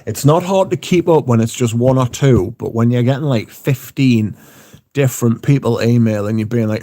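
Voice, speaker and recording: A man's voice: medium pitch, normal speed, mellow. A British man hosting a livestream, chatting casually and reading out viewer comments, swearing freely. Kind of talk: casual chat.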